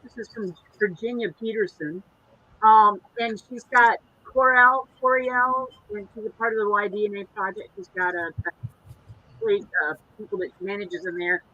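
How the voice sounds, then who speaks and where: A woman's voice: mid-range voice, fairly even intonation, moderate pace, sharp tone, highs cut off. A woman co-hosting a casual online chat show, reading viewer comments aloud in a chatty way. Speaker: co-host.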